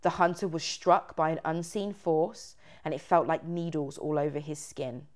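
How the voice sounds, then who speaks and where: A woman's voice: low-pitched, fairly even intonation, moderate pace, a little mellow. A woman hosting a podcast, retelling a ghost story in a chatty way with many fillers. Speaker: podcast host. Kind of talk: casual storytelling chat.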